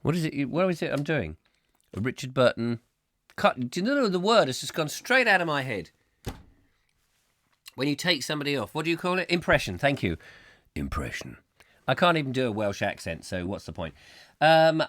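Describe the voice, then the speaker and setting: A man's voice: mid-range voice, sing-song, fairly quick, a bit bright, no room sound. Brief: male host, chatty, rambling, dry close-miked sound. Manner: rambling, chatty, easily exasperated. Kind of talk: live casual chat show. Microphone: close microphone.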